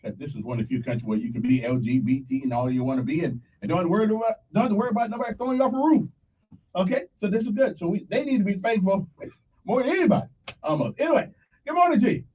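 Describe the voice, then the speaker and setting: Animated high-voiced radio host. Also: male voice, quick pace, a little hiss or hum. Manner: animated, jokey, talks straight to listeners. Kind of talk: morning radio talk. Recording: dull lo-fi radio sound, slightly distant.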